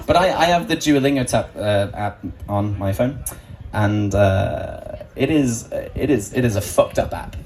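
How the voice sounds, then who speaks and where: A man's voice: mid-range voice, rough recording. A male stand-up comedian delivering a crude, jokey set. He keeps his voice in the middle of the male range and often acts out quoted voices mid-routine. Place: comedy club stage before an audience.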